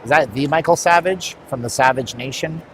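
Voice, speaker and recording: A man's voice: medium pitch, a little fast, fairly bright tone. A man live-streaming while walking outdoors on a hot city street, bluntly rambling to his chat. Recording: street traffic noise.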